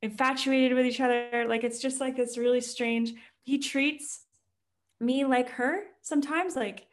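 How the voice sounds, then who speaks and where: Rambling woman guest, slightly high voice. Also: steady tone, unhurried. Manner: rambling, lots of fillers. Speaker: podcast guest, mindset coach. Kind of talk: casual chat.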